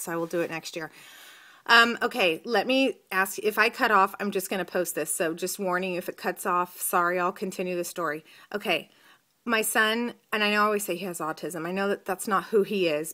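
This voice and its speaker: Rambling, animated woman vlogger. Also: medium pitch. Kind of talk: casual chat to camera.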